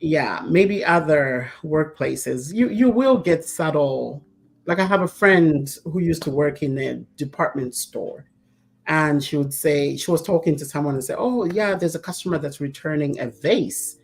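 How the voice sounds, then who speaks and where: A woman chats as a talk show co-host, her voice sitting very low for a woman. She tells stories in an easygoing way and breaks into laughter often. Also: normal speed, slight background noise. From Zambia. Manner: laughing often, relaxed storytelling. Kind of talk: casual chat.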